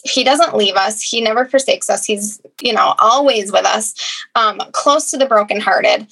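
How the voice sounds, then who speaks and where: A woman's voice: a little high, creaky, fairly bright tone, low-quality recording. A woman pastor with a Midwestern accent, talking earnestly and reflectively on a faith podcast, with many fillers. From Michigan. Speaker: guest pastor. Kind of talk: casual faith podcast chat.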